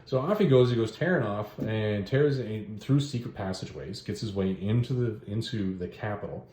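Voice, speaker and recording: A lowish-voiced man at a moderate pace hosts a show reviewing stories and comics, offering a rambling, jokey, animated retelling of a story in a casual style. There's a roomy echo and slight background noise.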